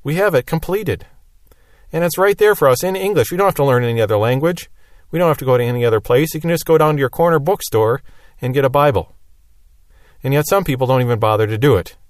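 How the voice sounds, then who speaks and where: A man's voice: mid-range voice, fast, no room sound, studio quality. A man teaching a Bible lesson verse by verse, explaining plainly and repeating key phrases.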